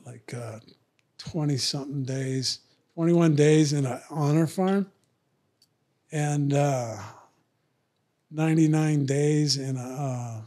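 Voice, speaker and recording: Podcast guest, middle-aged man, a touch high, animated profane storyteller. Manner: animated, acts out others' lines in raised voice; profane, drawn-out slang. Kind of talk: storytelling in casual talk.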